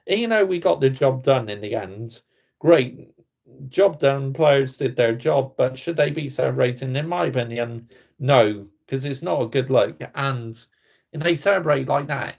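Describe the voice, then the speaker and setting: A man's voice: mid-range voice, gravelly. A man ranting bluntly to viewers on a casual livestream, swearing as he talks football. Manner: heated and blunt, swearing, talking to chat viewers. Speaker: football fan streamer.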